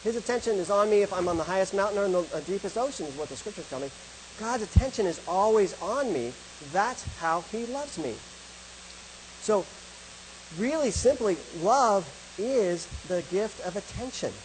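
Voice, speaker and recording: This middle-aged man speaks to an audience about love and faith, repeatedly asking questions and then supplying his own answers. His voice is high with lively intonation at a normal speed, and the rough recording carries slight background noise.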